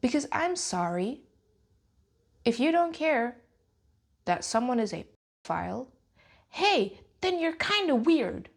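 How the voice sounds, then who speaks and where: A woman vlogger giving heated, sweary commentary, with sharp jumps in pitch and nervous laughs between points. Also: very animated, a little slow, vocal fry, long pauses. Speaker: YouTube commentator. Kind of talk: heated ranting vlog commentary.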